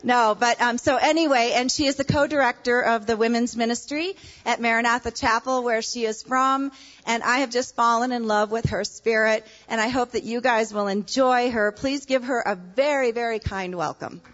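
A woman's voice: fairly high pitch, fairly even intonation, moderate pace, a bit bright. A woman hosting a women's ministry event, introducing the speaker in an earnest manner with playful asides. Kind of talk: sermon-style introduction. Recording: dull lo-fi recording.

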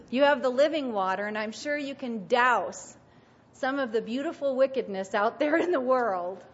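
A woman preaching to a group of women, earnest and emphatic, her voice dropping soft at the end of phrases. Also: a little high, lo-fi sound, slight background noise. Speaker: speaker at a women's gathering. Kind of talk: sermon.

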